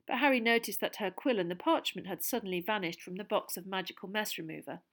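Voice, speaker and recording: A woman narrating a storybook in steady audiobook style. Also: mid-range voice, fast.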